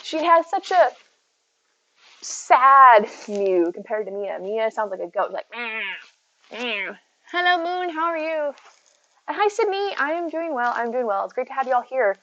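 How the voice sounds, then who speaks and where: Chatty woman streamer, slightly high voice. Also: sing-song, moderate pace, sharp tone, muffled recording. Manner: chatty, greets viewers by name, talks to her cat. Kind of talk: casual live-stream chat. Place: at home near her bed.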